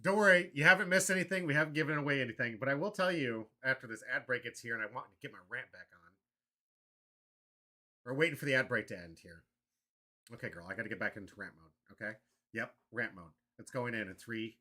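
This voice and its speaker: A man hosting a casual card-game livestream, excitable and prone to loud mock rants. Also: medium pitch, quick pace. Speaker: livestream host.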